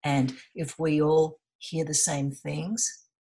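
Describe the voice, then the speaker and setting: A woman's voice: low-pitched, little pitch movement, slow, dark tone. A middle-aged woman speaking as an interview guest, telling her story in an earnest, passionate way. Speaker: interview guest, environmental volunteer. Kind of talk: conversational interview.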